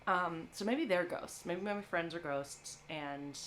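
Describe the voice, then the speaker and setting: A woman's voice: fairly low pitch, takes it slowly, fairly bright tone, a little hiss or hum. A woman hosting a live movie stream, talking to her chat in a playful, chatty way.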